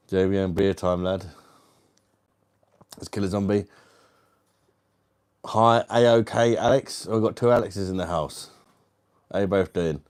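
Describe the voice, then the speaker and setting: A man's voice: sits low, a little mellow, smooth. A man hosting a live stream, reading out viewer comments with crude, matey banter. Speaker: livestream host.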